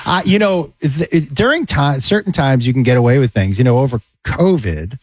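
A man telling a story in a casual radio chat, acting out other people's lines in a higher voice. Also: expressive, moderate pace, no echo. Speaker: podcast co-host.

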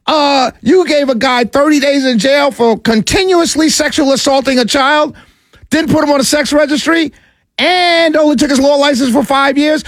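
A man's voice: very high-pitched, normal speed, a bit bright, dry recording, clean studio sound. A man giving ranting commentary to his audience, exasperated and incredulous, often stammering and laughing in disbelief. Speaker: political commentator.

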